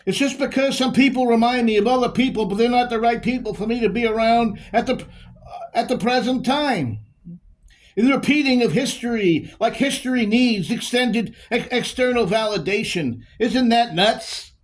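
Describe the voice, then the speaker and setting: A man's voice: very high voice, normal speed. A man performing a poetry monologue as a confused, emotional divorced man who repeats his phrases and draws out his words.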